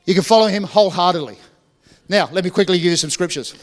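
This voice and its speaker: A man's voice: sits high, fast, long reverb tail. A man preaching a sermon in a church, talking conversationally, joking with the congregation, and often restarting his sentences. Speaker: pastor.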